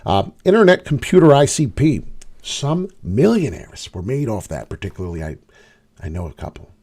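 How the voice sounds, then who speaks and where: Brief: middle-aged male market vlogger, medium pitch, very animated delivery, loose and profane. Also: moderate pace, slightly rough. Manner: animated, rambling, swears freely. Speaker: crypto video host. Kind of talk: casual market commentary.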